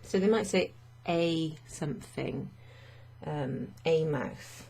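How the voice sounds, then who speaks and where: A woman's voice: deep voice, slow, creaky, dark tone, husky. A woman teaching French vocabulary to learners, chatty and thinking aloud with fillers and frequent little laughs.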